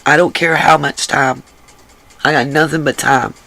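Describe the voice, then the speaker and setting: Gravelly, emphatic woman livestream host. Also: sits low, steady tone, normal speed, a bit bright, a little hiss or hum, rough recording. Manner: earnest and emphatic, repeats phrases. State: drained, voice rough from crying. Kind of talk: casual livestream talk, reading the chat.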